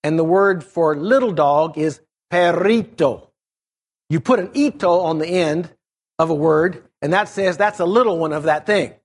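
A middle-aged man with a voice on the high side preaches in a measured, explanatory manner. He teaches through a Bible passage, leaning on key words as he goes.

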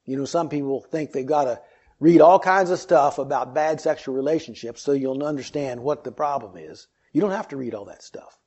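A man's voice: mid-range voice, brisk, darkish tone, husky, highs cut off. A man preaching an earnest sermon, reading scripture and explaining it with rhetorical questions.

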